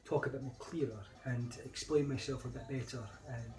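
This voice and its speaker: A man's voice: medium pitch, steady tone, moderate pace, a little mellow. A middle-aged Scottish man telling personal anecdotes in a casual, rambling way, growing emphatic when he replays old arguments. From Scotland. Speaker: vlogger.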